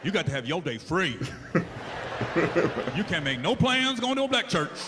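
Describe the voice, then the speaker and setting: A stand-up comedian with a strikingly high voice spins a wry story and keeps chuckling at his own lines. He is captured on a noisy recording with steady ambient sound behind him. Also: moderate pace. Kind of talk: stand-up routine.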